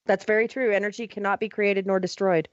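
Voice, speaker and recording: A woman hosting a casual radio talk show, upbeat and quick to laugh. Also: mid-range voice, fairly even intonation, dry recording. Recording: muffled radio broadcast audio.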